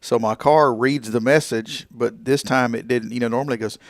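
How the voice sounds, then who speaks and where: A man's voice: mid-range voice, fairly even intonation, brisk, dry recording, clean studio sound. A man who works at a funeral home, a guest on a morning show, talking in an easygoing, wry way. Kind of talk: casual chat.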